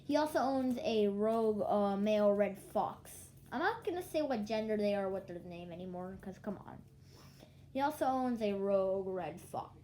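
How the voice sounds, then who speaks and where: A woman's voice: mid-range voice, animated, normal speed, mellow, a little hiss or hum, poor audio. A young woman vlogging from home, telling a rambling story in a sleepy, yawning voice, often restarting and acting out what others said.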